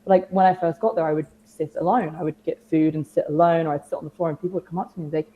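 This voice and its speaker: A woman's voice: deep voice, steady tone, racing, narrow, tinny audio, slight background noise. A young British woman chatting as a podcast guest, telling stories with dry, self-mocking humor and acted-out quotes. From Britain. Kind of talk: casual interview chat.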